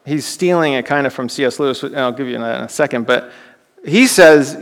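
Gravelly pastor preaching in a reverberant hall. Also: male voice, mid-range voice, a little fast. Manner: conversational, with frequent rhetorical questions and restarts. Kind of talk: sermon.

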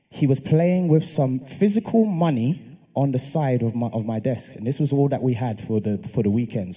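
This young adult preacher shares his own testimony animatedly, his mid-range, slightly breathy voice climbing until the delivery turns loud and impassioned.

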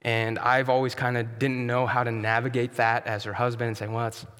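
A man preaching a sermon as pastor, earnest and emphatic, sometimes dropping to a soft, quiet tone. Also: medium pitch, little pitch movement, a little fast, smooth, big-room sound. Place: church sanctuary.

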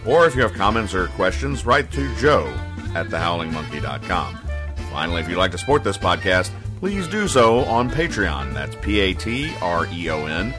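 A man hosting a comedy podcast, dryly explaining comic strips in a rambling deadpan way that stops and restarts often. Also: low-pitched, moderate pace, over music.

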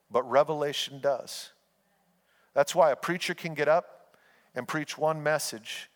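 A man preaching a sermon as pastor, telling homespun stories and urging his listeners on. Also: medium pitch. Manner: folksy storytelling, earnest and exhorting. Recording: long hall reverb.

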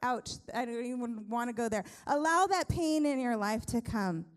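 A young woman pastor delivers a sermon in a high, bright-pitched voice. She preaches conversationally, tells jokes and often breaks off to restart her sentences, swinging between big emphatic lines and quiet asides. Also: moderate pace. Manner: lively, conversational preaching with humor and many restarts.

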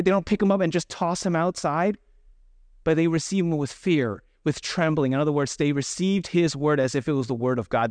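Man preaching, casual and self-deprecating, a bit higher pitched, dry close sound. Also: darkish tone, dry recording. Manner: conversational, self-deprecating, acts out quoted voices. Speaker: pastor. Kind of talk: sermon.

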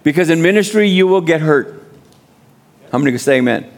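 Delivering a sermon as a guest speaker, a man with a gravelly, slightly high voice talks fairly quickly and with lively intonation. He urges the congregation on through repeated amens and plain, street-style speech.

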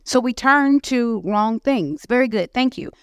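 A woman preaching to a women's session at church, lively and conversational. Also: on the high side, a little slow, clean tone, no room sound, clean studio sound. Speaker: guest speaker. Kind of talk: teaching sermon. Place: church hall.

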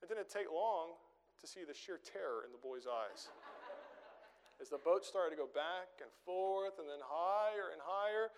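A man's voice: fairly high pitch, animated, measured pace. A middle-aged man preaching a sermon as pastor, conversational and storytelling, with rhetorical questions. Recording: long reverb of a large room.

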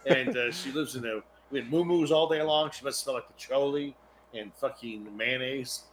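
A man's voice: medium pitch, moderate pace, a crowd in the background. A man co-hosting a podcast, crudely retelling a TV episode and acting out the characters' lines. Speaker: podcast co-host. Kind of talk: casual chat recapping a TV episode.

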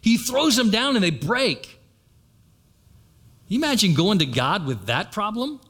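A man's voice: sits high, sing-song, measured pace, pauses often, a bit bright. A man preaching a sermon, retelling a story and turning to the congregation with asides. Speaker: pastor.

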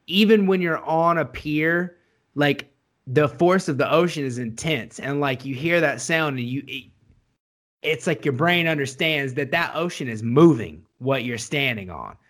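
A man co-hosting a podcast, chatting casually in a profane, rambling and excitable way. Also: fairly high pitch. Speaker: podcast co-host. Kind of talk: casual chat.

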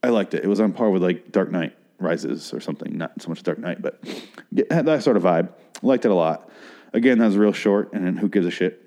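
A man's voice: low voice, fairly quick, mellow. A man in his thirties hosting a podcast, telling a story in a rambling and profane casual monologue with crude asides. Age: 30s. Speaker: podcast host.

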